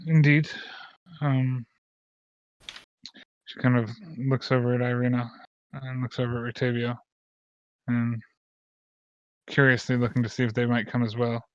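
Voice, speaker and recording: Relaxed male game master, muffled mic. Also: mid-range voice, normal speed, long pauses, clear, resonant tone, dry recording. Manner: relaxed, filler-heavy narration. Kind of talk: narrating a tabletop game.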